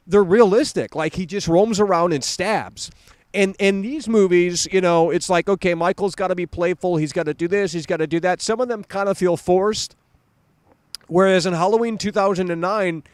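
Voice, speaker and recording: A young adult man hosting a live stream, talking casually about horror films in an animated, profane way with lots of fillers and repeats. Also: a little high, dry recording.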